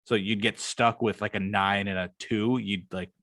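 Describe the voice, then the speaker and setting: A man's voice: lowish voice, steady tone, normal speed, a bit bright, dry recording, clean studio sound. A young man co-hosting a podcast, talking in a loose, rambling way and swearing often. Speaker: podcast co-host. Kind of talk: casual chat.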